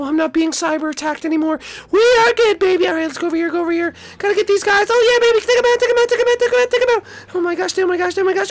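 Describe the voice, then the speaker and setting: Very high-voiced, excitable woman gamer. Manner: excitable, repetitive shouting of commands. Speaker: game role-play channel host. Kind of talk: playful game role-play.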